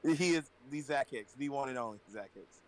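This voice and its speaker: A man's voice: medium pitch, normal speed, slight background noise, rough recording. A man from a rock band, guesting on a podcast, joking and swearing casually. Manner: playful, profane, jokey. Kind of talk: casual chat.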